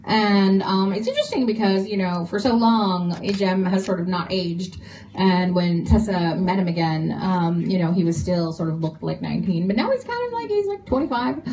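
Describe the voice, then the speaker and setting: A woman's voice: mid-range voice, expressive, normal speed, darkish tone. Chatty woman author at a bookshop panel. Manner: chatty, laughing, many fillers. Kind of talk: casual panel Q&A talk. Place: bookshop event, audience present. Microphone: phone recording from the audience. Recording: dull lo-fi phone recording.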